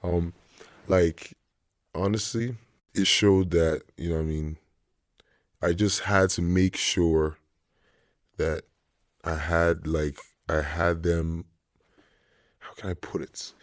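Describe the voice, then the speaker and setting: A man's voice: low-pitched, steady tone, takes it slowly, pauses often, no echo, studio quality. A young man, a DJ, telling stories in a laid-back casual chat full of slang. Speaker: DJ guest.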